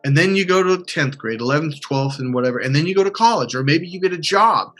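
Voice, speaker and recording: A man coaching a client in conversation, animated and acting out panicked inner voices. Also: a little high, quick pace, faint music behind.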